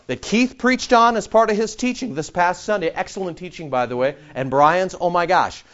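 A man preaching a sermon as pastor, animated and sarcastic, firing rhetorical questions at the congregation. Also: a little high, a little fast, lo-fi sound.

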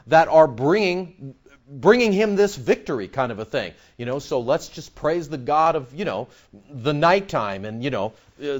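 A man preaching a sermon, animated and conversational, acting out other people's voices in his stories. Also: a little high. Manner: animated, mimics voices in anecdotes. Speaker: pastor.

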